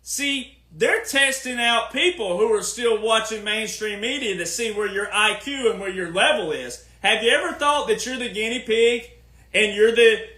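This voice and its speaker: A man's voice: high-pitched, pushed and bright, reverberant. A man hosting a podcast, ranting casually in an emphatic, sarcastic, lecturing way. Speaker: podcast host.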